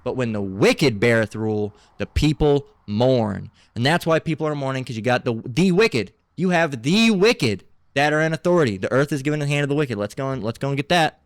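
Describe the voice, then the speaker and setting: A man preaching from scripture, reading verses aloud and breaking into halting, combative and mocking commentary with profane asides. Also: medium pitch, animated, no echo, studio quality. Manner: halting, many restarts between readings.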